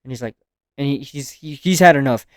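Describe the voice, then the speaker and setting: A man reviewing anime episodes in a casual, excitable way, using slang and casual swearing as he recaps the plot. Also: mid-range voice, fairly quick, dry recording, clean studio sound.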